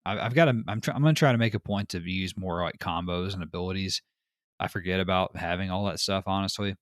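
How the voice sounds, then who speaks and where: A man hosting a podcast, telling stories in casual chat with an animated, rambling manner. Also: low-pitched, fast, no room sound, studio quality. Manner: animated storyteller, frequent fillers. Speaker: podcast host.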